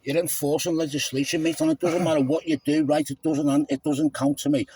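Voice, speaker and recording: A man's voice: fairly high pitch, little pitch movement, fairly quick, mellow. A man in his fifties arguing at the roadside in a combative, lecturing way, calling the officer "mate" over and over. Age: 50s. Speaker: stopped motorist. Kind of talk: heated roadside argument. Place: roadside, by a car.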